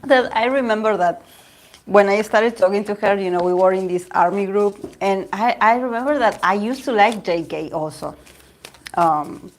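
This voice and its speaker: Argentine woman, Spanish native, tarot host; rambling, restart-prone casual chat, mid-pitched. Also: normal speed, a little hiss or hum. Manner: chatty and rambling, with frequent laughs and restarts. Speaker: tarot reader and channel host. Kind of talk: casual livestream chat with viewers.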